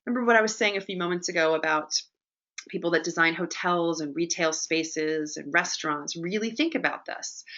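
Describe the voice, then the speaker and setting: A woman leads a webinar lesson in a bright, forceful voice. She talks in a lively, chatty way and keeps checking in with her listeners. The audio is slightly dull and lo-fi. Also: fairly low pitch. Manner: lively and chatty, often asks "right?". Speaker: presentation coach hosting a webinar. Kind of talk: webinar teaching.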